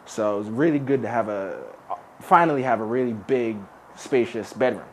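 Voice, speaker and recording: A man's voice: medium pitch, normal speed, slight background noise. A young man who was once homeless, chatting casually and jokingly as he gives a tour of his apartment. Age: young adult. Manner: chatty, laid-back, jokey, with many "like" fillers. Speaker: formerly homeless youth. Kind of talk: casual home tour talk. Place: his own apartment, indoors.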